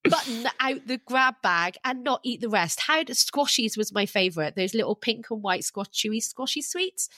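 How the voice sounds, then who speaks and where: A woman, a podcast guest and life coach telling her own story candidly over a video call, animated and self-deprecating. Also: on the high side, normal speed, few pauses, no echo. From England.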